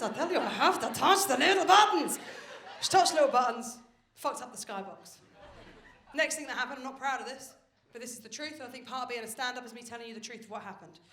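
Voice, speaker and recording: A woman's voice: high-pitched, sharp tone. A woman performing a live stand-up routine, chatty and confiding, swearing casually. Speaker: stand-up comedian. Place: comedy venue stage with live audience. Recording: roomy live venue with audience noise.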